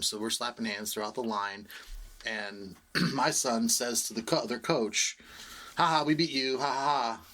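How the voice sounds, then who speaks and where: A middle-aged man chatting casually on a podcast, telling a story and swearing freely. His voice is bright and forward, pitched at an ordinary level. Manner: storytelling, swearing, laughs often. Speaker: podcast co-host.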